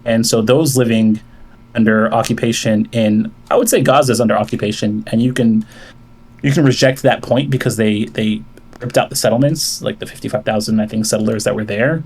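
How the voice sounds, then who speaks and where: A man's voice: lowish voice, brisk, darkish tone, slightly rough. A man on a call with a streamer, laying out a long argument point by point, with many fillers and restarts. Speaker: caller debating the host. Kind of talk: online debate call.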